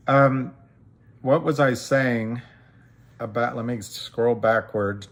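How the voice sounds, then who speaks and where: Casting note: male stream host, unhurried, hesitant, mid-range voice. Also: medium pitch. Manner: slow, halting, many ums and restarts. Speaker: livestream host. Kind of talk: casual livestream chat reading viewer comments.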